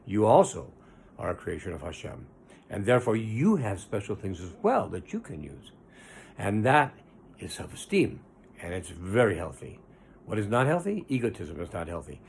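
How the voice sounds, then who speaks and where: A rabbi gives an earnest, conversational Torah lesson in a low, gravelly voice, slowing down to lean on the words he wants to stress. His pitch moves a lot as he talks. A faint hiss of noise sits behind him. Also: darkish tone. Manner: earnest, conversational, drawn-out emphasis.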